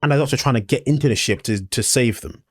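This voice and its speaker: A man's voice: mid-range voice, fast, no room sound, studio quality. A man co-hosting a podcast in casual review chat, blunt and swearing, often acting out imagined scenes. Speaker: podcast co-host.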